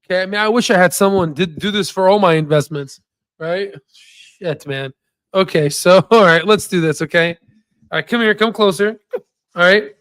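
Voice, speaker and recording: A man's voice: sits high, moderate pace, fairly bright tone, clear, resonant tone, no room sound. A man hosting a casual stock-analysis video, joking and coaxing as he walks through charts, swearing now and then. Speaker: investing channel host. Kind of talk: casual screen-share stock talk.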